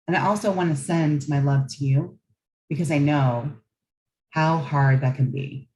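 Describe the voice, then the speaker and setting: A woman's voice: deep voice, poor audio. A woman relationship coach giving a guided coaching talk in a soothing, affirming, earnest way.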